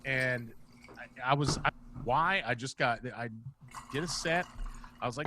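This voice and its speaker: A male stand-up comedian guesting on a video-call podcast, telling profane, animated stories in a casual chat. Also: mid-range voice, moderate pace, pauses often, noisy background. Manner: profane, animated anecdote teller.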